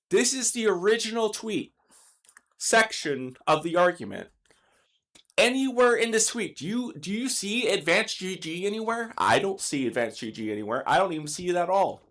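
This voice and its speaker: Exasperated high-voiced young man ranting. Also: a bit bright. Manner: exasperated, emphatic, swears and apologizes for it. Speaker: streamer giving commentary. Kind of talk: ranting commentary.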